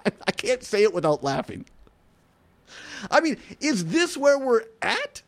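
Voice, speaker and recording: A man hosting an opinionated talk radio show, incredulous and animated, often laughing and saying "I mean". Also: very high voice, a little slow.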